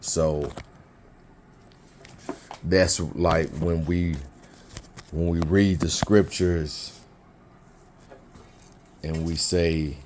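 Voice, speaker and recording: A man's voice: deep voice, flat delivery, drawn-out words, long pauses, a little mellow, slight background noise. A man teaching biblical Hebrew in an informal lesson, thinking aloud with fillers and restarts.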